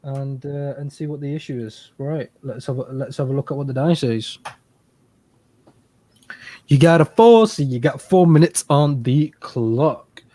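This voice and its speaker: A man's voice: mid-range voice, measured pace, mellow, no echo. A man co-hosting a casual podcast, rambling and repeating himself as he talks. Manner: rambling, repeats words, laughs. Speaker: podcast co-host. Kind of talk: casual advice podcast chat. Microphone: podcast microphone.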